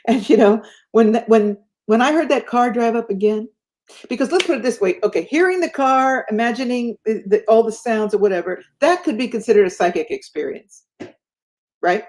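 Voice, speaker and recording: A woman's voice: a little high, moderate pace. A woman guest telling a personal story in a conversation, acting out the voices of the people in it. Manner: animated, acts out the voices in her stories.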